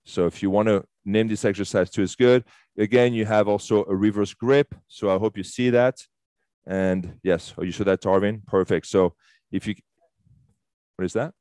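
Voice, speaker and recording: Low-voiced man coaching. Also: normal speed, darkish tone, dry recording, studio quality. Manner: chatty and enthusiastic, swears casually, many fillers. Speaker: fitness instructor leading a workshop. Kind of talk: casual live workshop instruction. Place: fitness studio.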